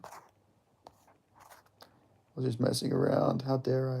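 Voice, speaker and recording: This young man speaks at medium pitch in a completely flat, slightly slow way, with vocal fry, a breathy edge and a mellow tone, pausing often. He hosts a fight watch-along, chatting casually, swearing often, joking with chat and laughing a lot.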